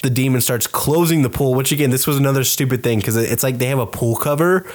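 A man's voice: medium pitch, fast talker. A man co-hosting a casual podcast, animatedly recapping a horror movie and acting out the characters with laughter and swearing. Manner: animated storytelling, acts out characters with laughs and profanity. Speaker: podcast co-host.

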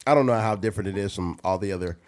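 A man in his late thirties hosting a casual podcast chat, loud and profane, joking, his voice jumping up for punchlines. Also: low voice, racing. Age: 30s. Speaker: podcast host.

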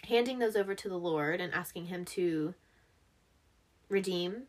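A woman co-hosting a casual chat, talking things through in a relaxed, reflective way. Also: fairly low pitch, a little slow. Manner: chatty, laughs along, reflective on faith. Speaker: podcast co-host.

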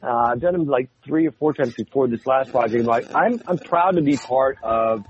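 Animated male voice actor, slightly lo-fi. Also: mid-range voice, normal speed, a little hiss or hum. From United States. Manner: animated storyteller, jumps into character voices. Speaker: voice actor guest. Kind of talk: casual interview chat.

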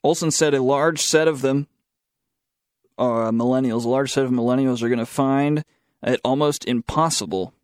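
A man's voice: mid-range voice, moderate pace, no echo, studio quality. A young man with a Southern American accent hosting a student talk show, giving sarcastic opinions and reading news items aloud. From southern United States. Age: young adult. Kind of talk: opinionated talk radio monologue.

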